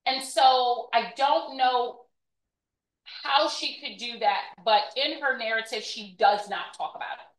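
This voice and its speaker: A woman's voice: on the high side, a little slow, fairly bright tone. A woman giving a conversational history talk as a presenter, chatty and often checking in with "right?". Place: event room. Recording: echoey room, mic far off.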